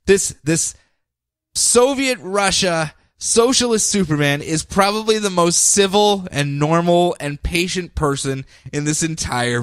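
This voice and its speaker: A man's voice: high-pitched, fairly bright tone, no echo, studio quality. A man co-hosting a podcast, recapping comics casually and animatedly, laughing often and acting out quotes. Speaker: podcast co-host.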